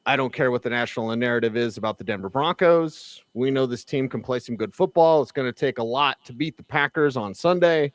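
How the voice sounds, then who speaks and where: A man co-hosting a sports radio show in an easygoing, casual way, quick to agree and laugh. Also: mid-range voice, no echo.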